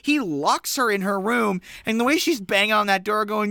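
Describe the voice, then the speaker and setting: A woman co-hosting a podcast, retelling a film in an animated, dramatic way with character voices. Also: medium pitch, moderate pace, no echo, clean studio sound. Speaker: podcast co-host. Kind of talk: casual film recap chat.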